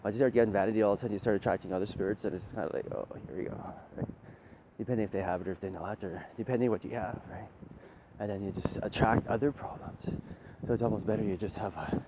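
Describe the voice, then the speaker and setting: A man's voice: fairly low pitch, racing. A man talking in a loose, rambling spiritual monologue, swearing freely and asking "right?" again and again. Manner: loose, profane, keeps asking "right?", laughs often. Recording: dull lo-fi audio with faint noise.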